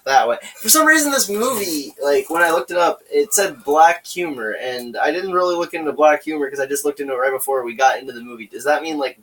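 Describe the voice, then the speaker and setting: A man's voice: fairly high pitch, animated, fairly bright tone, recorded from a distance, low-quality recording. A man hosting a podcast who casually reviews a movie, rambling through scenes with filler and restarts. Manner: rambling, retells scenes with quick put-on voices. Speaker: podcast host.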